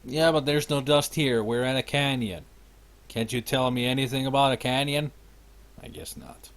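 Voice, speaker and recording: A man's voice: medium pitch, normal speed. A man live-streaming a computer game, sarcastically talking back to the characters. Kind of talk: gaming commentary. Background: game music.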